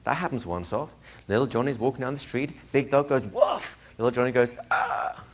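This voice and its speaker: A man lecturing a live class as a hypnosis trainer, animated, asking the room questions and acting out little scenes. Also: mid-range voice, fast talker.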